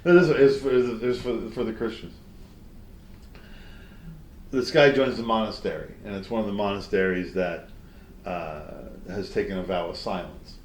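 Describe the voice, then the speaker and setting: A man's voice: fairly low pitch, moderate pace, pauses often, echoey room, slight background noise. A man, a comedian guest in an interview, telling old jokes in a folksy way and slipping into character voices. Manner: folksy joke-teller, slips into character voices.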